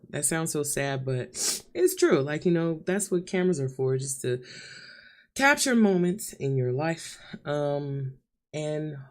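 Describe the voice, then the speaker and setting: Her voice sits low with a darkish tone. The young vlogger makes an emotional confession to camera, crying and nervous yet laughing through her tears.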